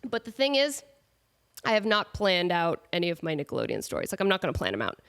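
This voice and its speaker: A woman's voice: lowish voice, big pitch swings, fast talker, fairly bright tone, smooth. A woman in her thirties with a nasal voice from a cold, hosting a casual solo podcast in a chatty, self-mocking way with rambling asides. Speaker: podcast host. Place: at home with her cat.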